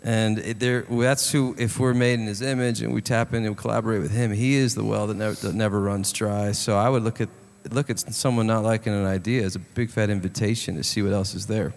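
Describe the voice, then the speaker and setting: A man's voice: fairly low pitch, steady tone, brisk, few pauses. A man on a songwriting panel talking earnestly and reflectively, building his point step by step. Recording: long hall reverb.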